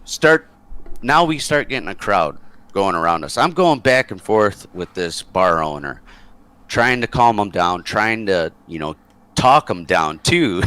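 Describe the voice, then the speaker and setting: A man with a low voice tells a long, rambling story with lots of fillers and chuckles. His pitch swings widely as he talks, and the sound is dry and close, like a voice call. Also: very animated, measured pace, bright, forceful tone, clear, resonant tone, no room sound. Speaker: interview guest, former soldier. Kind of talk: casual storytelling.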